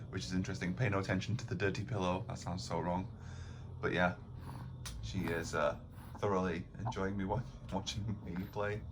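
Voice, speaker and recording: A man with a hoarse, raspy voice, chatting casually in a gaming vlog and rambling with many fillers. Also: fairly low pitch. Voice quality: raspy, gravelly. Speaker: vlogger.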